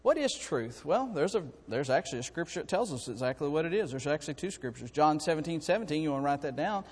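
An animated, slightly rough high-pitched pastor preaches fast in a church hall full of long reverb. Quiet asides build into loud, rising calls, he restarts his sentences and jokes with the congregation, and each phrase rings out through the room.

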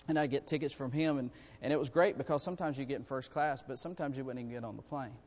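A man preaching a sermon to his congregation, in a folksy, animated way with calls for amens. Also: medium pitch, quick pace. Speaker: pastor. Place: church sanctuary. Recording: long reverb in a church hall.

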